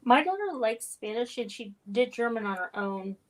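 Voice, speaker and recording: A middle-aged woman chatting casually as co-host, easygoing and self-deprecating, quick to laugh. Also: fairly high pitch, very animated. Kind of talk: casual chat.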